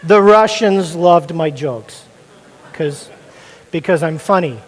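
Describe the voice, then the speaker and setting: A male pastor preaches in a chatty, joking, storytelling way, often asking the room questions. His speaking voice sits fairly high. Everything carries a long reverb, as in a large hall. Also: takes it slowly. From Indiana. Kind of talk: sermon.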